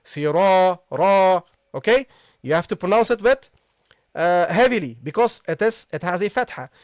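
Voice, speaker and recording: A man conducts a live online recitation lesson step by step, repeating sounds slowly and often asking "okay, guys?". His voice sits high and sing-song, captured in studio quality with no echo.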